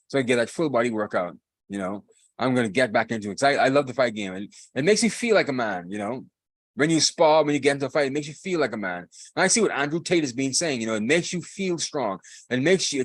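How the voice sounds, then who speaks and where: A man's voice: medium pitch, no echo. A man hosting a live podcast, talking in a casual monologue, emphatic and repeating phrases for force. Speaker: podcast host.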